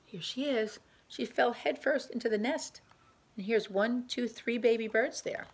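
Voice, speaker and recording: Woman, storytime reader: slow, gentle, slightly husky, shows the pictures as she goes. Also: fairly high pitch. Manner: gentle, pauses to point out pictures. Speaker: storyteller reading to children. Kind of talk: picture book read-aloud.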